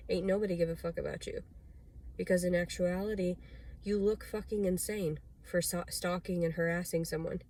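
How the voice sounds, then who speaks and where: A woman's voice: lowish voice, a little mellow. A woman talking straight to camera in a confessional vlog, rambling and agitated, swearing often. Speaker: vlogger.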